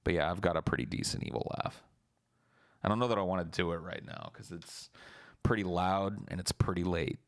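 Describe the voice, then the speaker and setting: Streamer, male, very low pitch, loose profane chatter, dry close sound. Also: a little fast, vocal fry, dry recording. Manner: loose, profane and rambling, with many restarts. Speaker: live streamer. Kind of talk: casual late-night stream chat.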